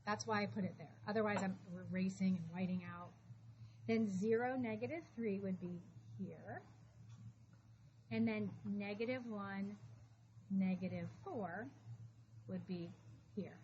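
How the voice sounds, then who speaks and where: Brisk woman teaching a math class. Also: medium pitch, darkish tone. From Florida. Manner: brisk, shushing, calls for attention. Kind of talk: classroom lesson. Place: high school classroom. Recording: dull classroom recording with noise.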